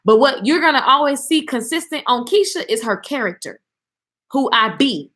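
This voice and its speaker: Bright, high-voiced woman preaching to viewers. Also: moderate pace. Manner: animated, preachy, talks straight to viewers. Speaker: motivational speaker and singer. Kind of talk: live-stream motivational talk.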